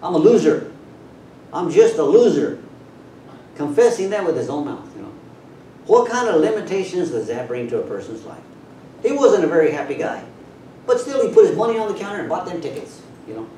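A man preaching a sermon, taking it slow and stretching out the words he wants to stress. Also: sing-song, mellow. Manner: unhurried preaching with drawn-out emphasis. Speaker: pastor. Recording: very echoey room, voice from far off, faint rumble.

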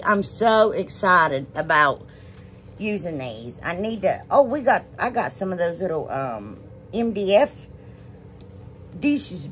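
A woman's voice: on the low side, big pitch swings, slow, fairly bright tone, slight background noise. A woman hosting a casual crafting vlog, rambling and gushing over what she shows. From United States. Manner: rambling, gushing, says y'all often. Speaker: DIY crafts channel host.

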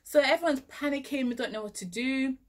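A young woman from Nigeria telling a lively story, acting out her own panicked lines and laughing often. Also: high-pitched, brisk, background noise. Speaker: vlogger. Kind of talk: animated storytelling.

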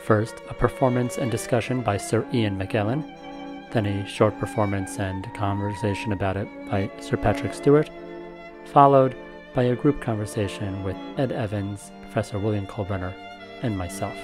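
A man's voice: lowish voice, normal speed. A male lecturer giving a scripted video introduction in a plain, matter-of-fact way. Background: string music bed.

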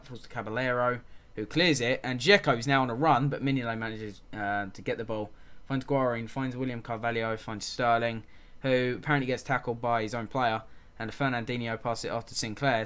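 A man's voice: mid-range voice, fairly bright tone, smooth. A man giving casual let's-play commentary on a football management game, calling the action play by play and muttering frustrated asides. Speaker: gaming channel host.

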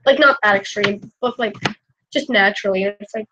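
A woman's voice: a little high, animated, measured pace, pauses often, pushed and bright. A young woman live-streaming while she draws, sick and coughing, rambling casually with lots of filler words. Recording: muffled lo-fi stream audio.

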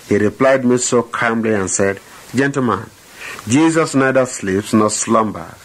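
A man's voice: mid-range voice, measured pace, rough recording. A man, an evangelist telling his personal testimony in a sermon, earnest and often repeating words as he corrects himself.

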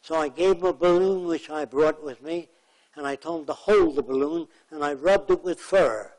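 A plainspoken man gives a lecture full of anecdotes. His voice sits fairly high for a man. He acts out the people in his stories. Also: moderate pace, a little mellow, low-quality recording. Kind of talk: storytelling lecture.

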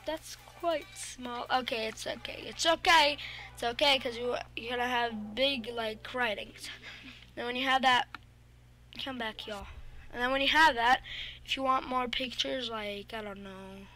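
Casting: female tutorial host, slightly high voice, loose rambling delivery, talks to the screen, music under the voice. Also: fairly even intonation, measured pace, pushed and bright. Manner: rambling, chatty, full of fillers, talks back to pictures. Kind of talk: casual screen-recording tutorial. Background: background music.

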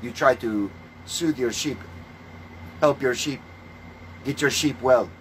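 A man's voice: medium pitch, takes it slowly, slight background noise, rough recording. Fiery, foul-mouthed preaching man. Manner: ranting, scornful, swears a lot; shifts between calm teaching and loud outbursts. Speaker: self-styled religious preacher. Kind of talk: profane preaching monologue.

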